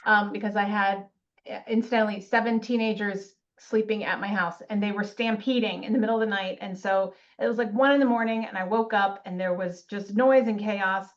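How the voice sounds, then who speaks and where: A woman's voice: mid-range voice, steady tone, brisk. A woman co-presenting an online training session, chatty and telling stories with asides, heard over a video call. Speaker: webinar co-presenter. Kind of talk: casual online training talk. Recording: distant, dull lo-fi call audio.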